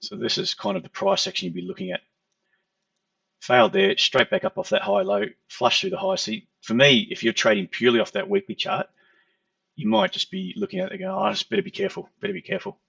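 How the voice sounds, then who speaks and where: Gravelly man explaining charts. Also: sits high, brisk, a bit bright, no room sound. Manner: explanatory, conversational, repeats "okay". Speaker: trading educator. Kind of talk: chart walkthrough lesson. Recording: dull lo-fi, distant from mic.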